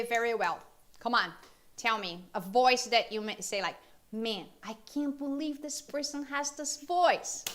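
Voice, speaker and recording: A woman's voice: medium pitch, fairly bright tone. A woman from Brazil, a native Portuguese speaker, teaching a live English class in a chatty, informal way, with many fillers and questions put to viewers.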